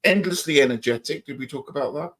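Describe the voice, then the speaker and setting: A man's voice: on the high side, fast talker, fairly bright tone. A middle-aged man co-hosting a livestream, chatting casually and reading out viewer comments in an upbeat, friendly way. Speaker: livestream co-host.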